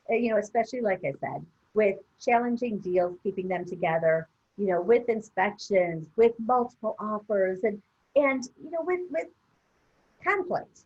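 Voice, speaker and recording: A woman gives an enthusiastic, encouraging training talk to sales agents over a video call. Her voice is slightly husky and sits mid-pitch. The audio is dull and lo-fi. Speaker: guest trainer.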